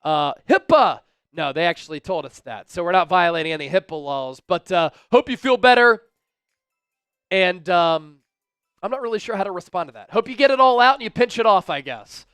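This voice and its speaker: A man hosting a live football fan stream, keeping the energy high as he reads out viewer messages and previews the game. His voice sits high and comes through smooth and clean. It is close and dry on the mic. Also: normal speed, no echo, faint music behind. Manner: energetic, hype-driven, reads super chats aloud. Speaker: sports livestream host. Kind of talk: live fan-show commentary and chat shout-outs.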